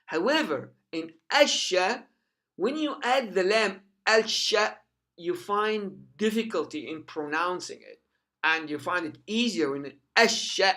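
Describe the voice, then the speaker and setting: A man with a bright, forward voice gives a lesson, saying each sound again and again so learners can copy it. His first language is Arabic. He stays patient and careful, and at times his voice sinks low and soft. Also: expressive, unhurried. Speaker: teacher.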